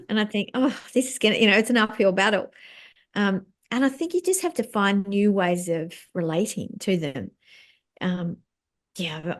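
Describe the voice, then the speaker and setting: Woman author guest on a podcast, middle-aged, talks openly and thoughtfully, laughs softly. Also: fairly low pitch. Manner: reflective and frank, with soft laughs and many fillers. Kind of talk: candid conversational interview.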